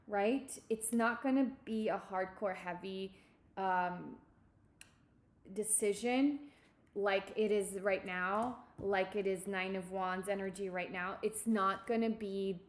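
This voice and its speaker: Slow-spoken woman giving a tarot reading. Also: mid-range voice, fairly even intonation. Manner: slow, halting, repeats words, reassuring. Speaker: tarot reader.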